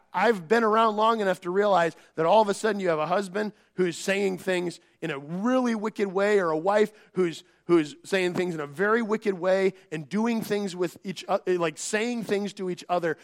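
A man preaching a sermon as pastor, conversational and animated, acting out family arguments in quoted voices. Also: high-pitched, normal speed, few pauses. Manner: conversational with filler words and restarts.

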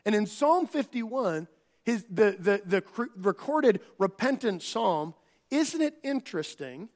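Male pastor, high voice, earnest sermon delivery, loud then hushed. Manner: earnest, swings between loud emphasis and hushed low phrases.

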